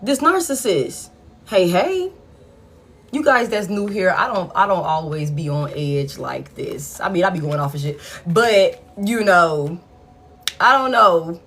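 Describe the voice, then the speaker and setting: A woman's voice: on the low side, a little slow, a little hiss or hum. A woman giving a casual tarot reading, blunt and profane as she tells it. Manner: blunt, profane, animated storytelling. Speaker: tarot reader.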